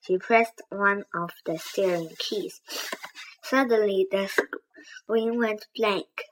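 Slow careful woman reader, children's chapter book, small stumbles. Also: mid-range voice, poor audio. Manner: slow careful reading with small slips and restarts. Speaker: narrator reading aloud.

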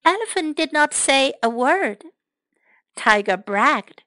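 A woman reading a children's story aloud for English learners, slow, clear and expressive. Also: high-pitched, no echo.

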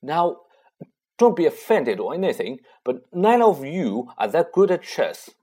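A man's voice: a little high, sing-song, a little slow, dark tone, husky, pitched above the performer's own voice, heavily acted. Guy voicing a kid who knows his chess, bossy and keen, storybook read aloud. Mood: assured. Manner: eager, takes charge. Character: eleven-year-old boy, confident chess strategist.

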